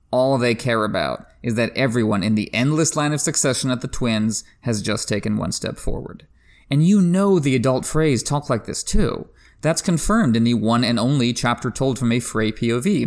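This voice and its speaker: A man hosting a book discussion podcast, giving enthusiastic literary analysis, pushing his pitch up sharply for emphasis and laughing now and then. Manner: laughs while talking. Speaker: podcast host.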